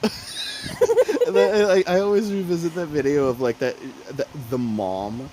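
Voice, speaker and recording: A podcast co-host in casual chat, telling animated stories full of acted-out voices and sound effects. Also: mid-range voice, measured pace, noisy background.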